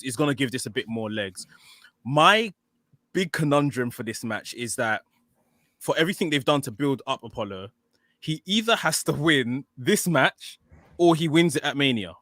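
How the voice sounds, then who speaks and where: Male co-host, casual and animated, bright edge, dry recording. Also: mid-range voice, normal speed, no echo. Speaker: podcast co-host. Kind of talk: casual chat.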